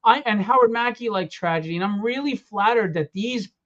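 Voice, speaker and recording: A man casually telling animated stories about his comic book writing, acting out what others said. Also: high voice, a little fast. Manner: animated storyteller acting out quotes. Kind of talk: casual storytelling. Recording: dull lo-fi sound.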